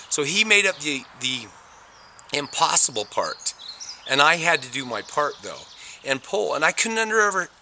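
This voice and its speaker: A man recounts his near-death experience as a personal testimony, acting out each moment as it comes. His voice is very bright and forceful, sitting a little high for a man. Faint noise lingers behind him. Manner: animated, acts out the moments.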